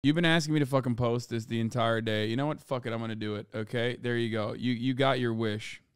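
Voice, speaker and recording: A man's voice: mid-range voice, fairly even intonation, fast talker, clean tone, no echo, studio quality. Profane, offhand streamer man. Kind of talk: casual chat.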